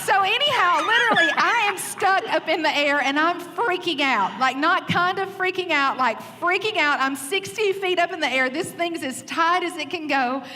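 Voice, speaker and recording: A woman pastor telling a funny story in a sermon, animated, laughing often and acting out quoted lines. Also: very high voice, normal speed, few pauses. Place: church stage. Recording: reverberant hall with faint noise.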